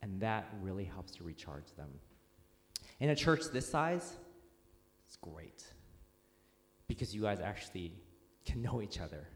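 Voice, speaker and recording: A man's voice: lowish voice, big pitch swings, measured pace. A man preaching a conversational sermon in a church, talking informally and telling stories with fillers and restarts. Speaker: pastor. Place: church sanctuary. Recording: echoey hall with long reverb.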